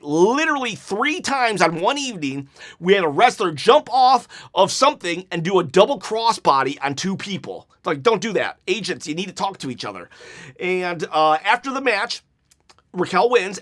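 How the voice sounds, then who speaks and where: A man with a fairly high voice reviews a wrestling episode in a loose, rambling way. He leans on filler words and laughs now and then. He is sarcastic too, and slips into mocking little quotes. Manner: animated, rambling, frequent "like" fillers; sarcastic, mock-quoting wrestlers in put-on voices. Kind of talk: casual video review.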